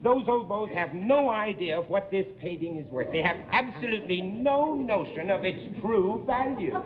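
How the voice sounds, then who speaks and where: A man's voice: sits high, expressive, moderate pace, a crowd in the background. An actor playing a suave, scheming male art swindler with a theatrical manner, in a television comedy sketch. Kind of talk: 1950s-60s TV sketch comedy. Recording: muffled old TV broadcast, studio audience.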